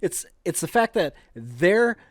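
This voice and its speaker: A young man co-hosts a podcast, his pitch swinging up and down as he tells stories. He laughs often and swears casually. The recording is dry and close. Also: sing-song, slow pace, no room sound. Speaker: podcast co-host. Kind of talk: casual comedic banter.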